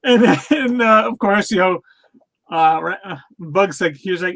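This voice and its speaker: High-voiced rambling man on a podcast. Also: moderate pace, a bit bright. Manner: rambling with many fillers and restarts, laughs often. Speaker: podcast co-host. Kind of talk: casual chat reviewing cartoons.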